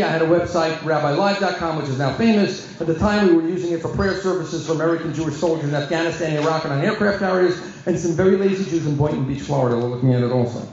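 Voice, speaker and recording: A man, a rabbi, telling a comic, self-mocking story to an audience with sharp timing. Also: a little high. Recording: echoey hall, dull sound.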